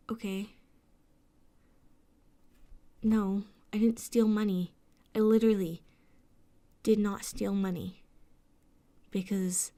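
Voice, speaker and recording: A woman's voice: medium pitch, a little mellow. A woman vents to the camera late at night, sleepless and fed up. Her rant is sarcastic and full of swearing. Now and then her voice sinks to a whisper before it climbs again. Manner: frustrated, sweary, sarcastic ranting; drops into whispers at times. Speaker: vlogger. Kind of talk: late-night venting vlog.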